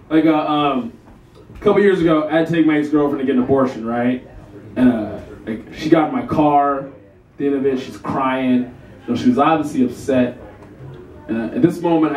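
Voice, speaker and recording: A man's voice: on the high side, a little mellow. Self-deprecating man doing live stand-up. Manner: self-deprecating, laughing through his lines. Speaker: stand-up comedian. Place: small café venue, live audience. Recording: echoey room, distant mic.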